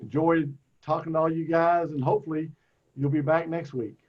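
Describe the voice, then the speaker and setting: A man's voice: on the high side, fairly even intonation, moderate pace. Laid-back Texan man on a call. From Texas. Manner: easygoing, laughs often. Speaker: moderator. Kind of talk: casual video call chat. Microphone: video call. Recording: muffled lo-fi video call audio.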